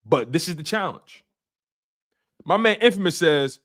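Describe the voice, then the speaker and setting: Guy hosting a live sports show, high voice that jumps all over, ribbing the chat, aave. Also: fairly quick. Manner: animated, teasing chat readers by name. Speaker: sports podcast host. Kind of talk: casual live stream talk.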